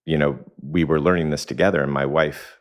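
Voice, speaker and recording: A man with an extremely deep, low voice speaks as a podcast guest. He explains his ideas reflectively, uses anecdotes as examples, and chuckles often. He is recorded in a home kitchen. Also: fairly even intonation, a little fast. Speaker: executive coach, podcast guest. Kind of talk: conversational podcast interview.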